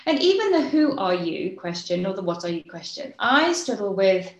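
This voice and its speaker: A woman with an English accent, co-hosting a podcast and talking things through in a reflective, quick way. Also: medium pitch, very animated, lo-fi sound. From England. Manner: reflective, explains in quick bursts. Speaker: podcast co-host. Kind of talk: casual podcast chat. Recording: roomy echo.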